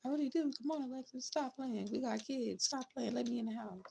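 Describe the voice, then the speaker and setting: A woman mimicking a pleading ex-boyfriend who begs softly to be let back in. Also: fairly high pitch, brisk, gravelly, slightly rough, voice pushed up, heavily acted. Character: pleading ex-boyfriend, whiny, begging to come home.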